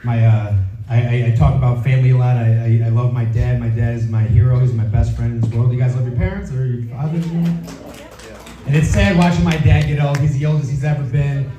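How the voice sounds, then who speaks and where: A man's voice: medium pitch, fairly even intonation, fairly quick, dull audio, a little hiss or hum. A man from Philadelphia doing a crude stand-up routine in a comedy club, often asking the audience if they follow him. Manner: brash, crude, checks in with the audience. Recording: echoey club recording, distant mic, loud audience laughter. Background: audience laughing.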